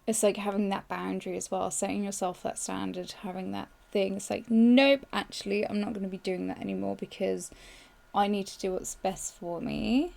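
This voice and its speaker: A young woman hosting a podcast, hoarse and tired, rambling through a casual live journaling session close to the mic. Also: medium pitch, steady tone, moderate pace, a little mellow. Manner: rambling, filler-heavy, self-deprecating. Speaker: podcast host. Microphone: close microphone.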